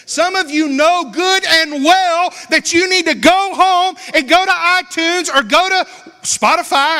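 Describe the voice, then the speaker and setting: A young man with a Southern American accent preaching a sermon with passion, going from shouts down to a hushed near-whisper. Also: very high voice. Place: church. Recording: long church hall reverb.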